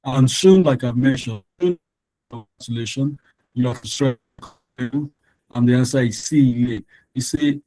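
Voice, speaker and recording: In an online exam-prep lesson, a man tutors by going over answers on a shared screen, his medium-pitched voice mellow and dark. The computer-mic sound is dry and close with no echo, and the recording is low-quality. He explains patiently, with repetitions, restarts and frequent ums.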